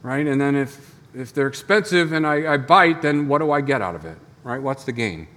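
A man's voice: medium pitch, expressive, normal speed, a bit bright, long reverb tail. A man preaching a sermon as pastor, in a conversational storytelling manner full of rhetorical questions. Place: church sanctuary.

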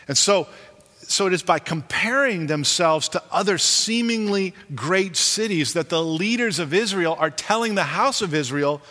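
A man preaching a sermon as a pastor, animated, and acting out the people he quotes. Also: normal speed. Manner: animated, acts out quoted leaders with rising pitch. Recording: long hall reverb.

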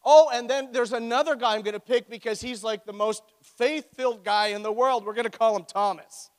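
A man's voice: very high voice, steady tone, fairly quick. A man preaching a sermon as pastor, with a joking, conversational storytelling manner. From Ontario, Canada. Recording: echoey hall.

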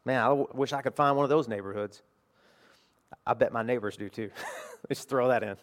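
A middle-aged man preaching a sermon as pastor, emphatic and animated, dropping to quiet asides between bursts. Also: mid-range voice, moderate pace, pauses often.

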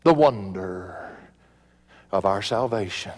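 A man's voice: sits low, animated, slow pace, pitched below the performer's own voice, exaggerated voice. A man putting on the voice of an old, plain-spoken country preacher with a slight twang, in a long church reverb. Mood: wistful. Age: older.

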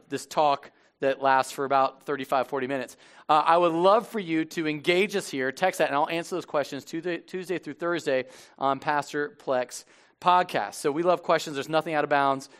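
High-voiced, animated casual pastor. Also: male voice. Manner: casual, animated preaching with acted quotes. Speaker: lead pastor. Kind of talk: sermon. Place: church sanctuary.

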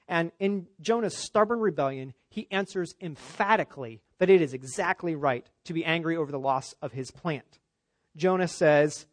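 A man preaching an expository sermon, emphatic, climbing for stress and dropping low for asides. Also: normal speed, dry recording. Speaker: pastor.

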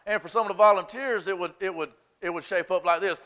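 A Southern man preaches a sermon, his voice pitched high and his tone bright and forceful. He starts in a hushed, low-key prayer and builds to impassioned, fervent preaching. When he gets worked up he stumbles over repeated words and restarts. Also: quick pace, hardly any pauses, clean tone. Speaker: pastor.

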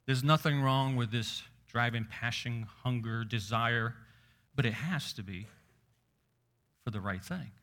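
A man preaching a sermon. He slows down on key words and keeps asking his listeners questions. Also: mid-range voice, fairly bright tone. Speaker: pastor.

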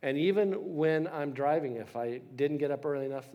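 Older male pastor in his 60s, slightly higher voice, tells stories with self-deprecating humor. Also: moderate pace, muffled recording. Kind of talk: sermon.

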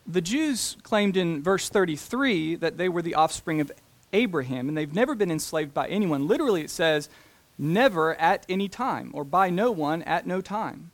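A man preaching a sermon, talking deliberately and slowing down to stress key phrases. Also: fairly high pitch, expressive. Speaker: pastor.

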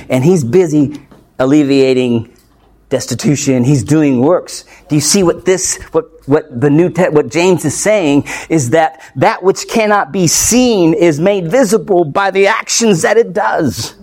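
A man whose voice sits on the high side, a little mellow, preaches an expository sermon at normal speed. His delivery is emphatic and punchy, full of rhetorical questions and playful asides with light laughs.

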